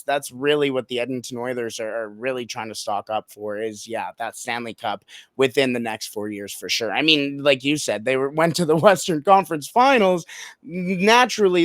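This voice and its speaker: A man talking hockey as a podcast guest, animated and laughing often, building to points with dramatic pauses. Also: mid-range voice, dry recording, clean studio sound. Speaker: podcast guest, team analyst. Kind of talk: casual sports podcast chat.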